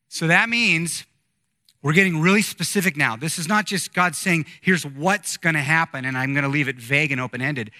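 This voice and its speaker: A man in his forties preaching a conversational sermon, reading scripture and adding lively asides to his congregation. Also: a little high, no echo, clean studio sound. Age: 40s. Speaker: pastor.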